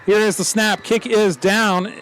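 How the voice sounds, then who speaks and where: Man, high voice, live football play-by-play, quick jokey self-corrections, outdoor booth. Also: steady tone, fairly bright tone, a little hiss or hum. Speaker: play-by-play announcer.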